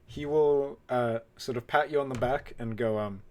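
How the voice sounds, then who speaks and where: A man narrating as game master, relaxed, with filler pauses. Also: medium pitch.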